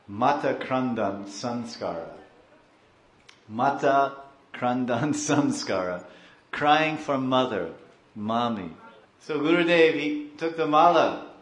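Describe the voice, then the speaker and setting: Guy preaching real slow, kinda higher voice, echoey room. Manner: slow, emotive, acts out crying devotees and mixes in Hindi and Sanskrit terms. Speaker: spiritual teacher. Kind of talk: devotional sermon.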